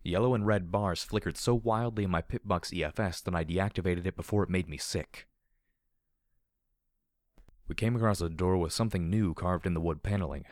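Reading aloud from a dark adventure fan fiction audiobook, a male narrator keeps a measured, even delivery. His voice is very deep, and the recording is intimate and completely echo-free.

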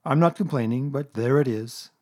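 A man's voice: medium pitch, normal speed, darkish tone, close to an everyday voice. Eeyore, a man doing a gloomy old donkey. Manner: mournful, sighing, sarcastic. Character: gloomy old grey male donkey, self-pitying. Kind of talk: storybook reading.

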